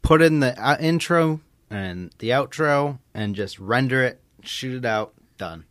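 A man's voice: medium pitch, lively intonation, measured pace, a bit bright, no echo. A man co-hosting a podcast, talking in a laid-back, offhand way. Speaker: podcast co-host. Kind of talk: casual podcast chat.

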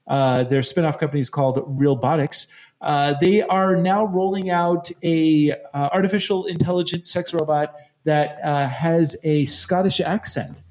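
Joking podcast host, halting speech. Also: male voice, fairly high pitch, steady tone, a little mellow. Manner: joking, halting with many fillers and restarts. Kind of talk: casual podcast chat.

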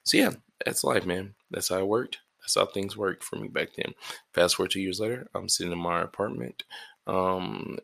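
A man's voice: sits low, moderate pace, gravelly, fairly bright tone. A man hosting his own podcast alone in his apartment, rambling, swearing freely and running himself down, sleepy and yawning early in the morning. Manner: rambling, profane and self-deprecating. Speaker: podcast host and stand-up comedian. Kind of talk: casual solo podcast monologue.

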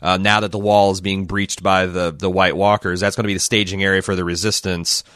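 Deep bright-toned guy hosting a podcast, rambly, lots of restarts, dry close sound. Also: level tone, a little fast, clear, resonant tone, no room sound. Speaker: podcast host. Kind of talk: casual discussion and read-aloud.

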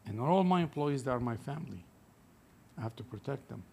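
A man's voice: medium pitch, lively intonation, fairly quick, gravelly, darkish tone, slightly rough. A man, a liquor store owner, speaking earnestly in non-native English as a podcast guest. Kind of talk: casual podcast chat.

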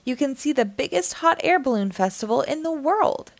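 A woman's voice: high voice, lively intonation, normal speed, no room sound, pitched above the performer's own voice. Woman reading as a cheerful old Santa. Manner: warm, smiling, gently explaining.

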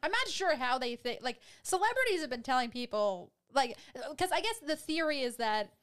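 A woman's voice: sits high, very animated, normal speed, a bit bright, clean tone. Dry, amused woman co-host. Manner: amused, dry, laughs easily. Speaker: podcast co-host. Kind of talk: casual comedic chat.

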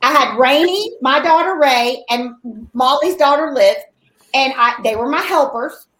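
A woman guest on a podcast, telling a story in a casual, lively way and acting out what others said. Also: high-pitched, measured pace, roomy sound, rough recording. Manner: lively storyteller, acts out quotes with loud squeals.

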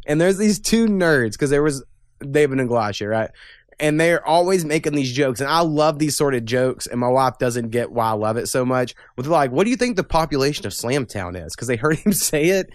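Profane laughing podcast host. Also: male voice, medium pitch, animated, normal speed, dry recording. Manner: profane, rambling, laughs often. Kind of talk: casual chat.

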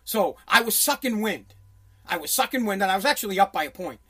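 A man's voice: sits high, animated, fairly quick, pushed and bright, slightly rough. A man telling a story in a profane, intense rant, often restarting his sentences. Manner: intense, swearing, many restarts.

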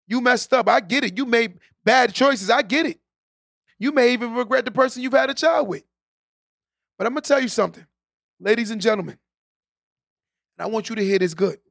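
A man's voice: extremely high pitch, fairly quick, gravelly, pauses often, fairly bright tone, no echo, clean studio sound. A man hosting a live stream, giving a preachy motivational talk to his viewers, repeating his key lines and often tagging them with "right?". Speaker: podcast host on a live stream.

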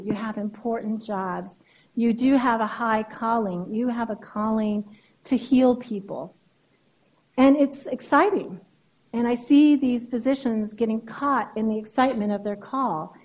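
A woman's voice: on the high side, a little mellow, poor audio. A woman therapist giving a keynote speech in a conversational lecturing way, often checking in with "right?".

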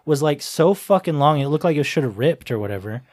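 A man's voice: on the high side, lively intonation, brisk, darkish tone, dry recording, clean studio sound. A young man casually recapping a movie with friends, rambling, swearing and laughing as he goes. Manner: rambling, profane, laughs often. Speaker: podcast co-host.

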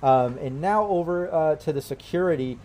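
A man's voice: on the high side, moderate pace, mellow, slight background noise. A man running a tabletop game as game master, narrating loosely with lots of fillers.

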